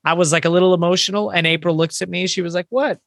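A young man co-hosting a casual podcast, blunt and quick to swear and laugh. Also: high voice, steady tone, creaky, a bit bright, dry recording, studio quality. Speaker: podcast co-host. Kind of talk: casual chat.

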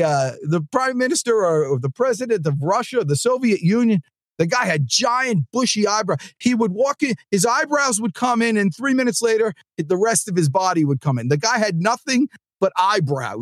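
Lively, punchy motivational podcast man. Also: high voice, moderate pace, no room sound. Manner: energetic, joking, pep-talk delivery. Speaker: sales podcast host.

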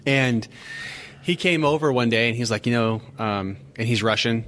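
A man who co-owns a brewery, chatting casually and throwing in quick jokes. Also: medium pitch, a bit bright, slight background noise. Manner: joking, quick wisecracks. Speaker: brewery co-owner. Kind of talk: casual chat.

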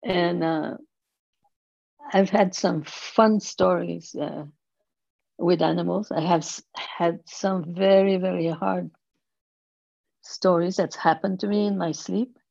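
A woman in her eighties, an interview guest telling stories slowly and thoughtfully, laughing softly now and then. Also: on the low side, fairly even intonation, creaky, dry recording, highs cut off. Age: 80s. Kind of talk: storytelling in conversation.

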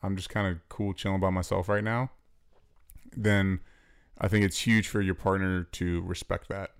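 Relaxed man with a lowish voice. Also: normal speed, clear, resonant tone. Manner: relaxed, acts out quoted lines. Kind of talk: casual chat.

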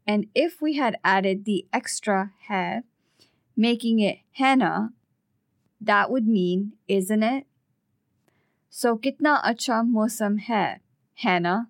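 A woman co-teaching a language lesson, explaining phrases in a measured, patient way. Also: medium pitch, dry recording, studio quality.

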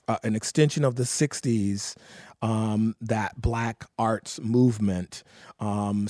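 A man in his sixties, a guest in a casual interview, telling animated, profane stories and laughing as he goes. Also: on the low side, no echo, studio quality.

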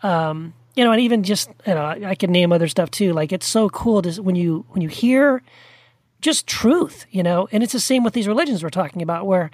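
A man's voice: high-pitched, animated, fairly quick, no echo. A man co-hosting a podcast, talking about faith in an earnest, rambling way with many restarts. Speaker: podcast co-host. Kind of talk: casual faith discussion.

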